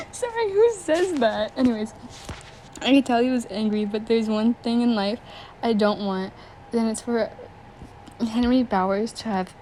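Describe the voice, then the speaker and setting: A woman's voice: a little high, a little mellow, a little hiss or hum, low-quality recording. A young woman reading fan fiction aloud, often breaking off to giggle, react and joke. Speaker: story reader.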